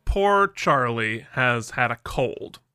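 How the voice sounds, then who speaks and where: A man's voice: medium pitch, lively intonation, slow pace, sharp tone, smooth, no room sound. A man co-hosting a podcast, chatting casually with many fillers and a self-deprecating manner. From Vermont. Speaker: podcast co-host.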